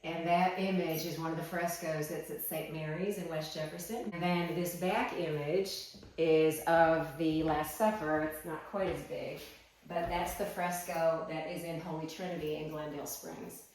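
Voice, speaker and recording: A woman giving an emotional personal testimony, talking in a soft, halting way with many pauses and restarts in her small wooden chapel. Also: low voice, little pitch movement. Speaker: interviewee. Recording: echoey room from some distance.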